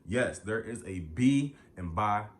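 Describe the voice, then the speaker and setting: A young man, chatting on his vlog in an animated, profane, ranting way. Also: fairly low pitch, takes it slowly. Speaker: YouTuber. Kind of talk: casual vlog talk.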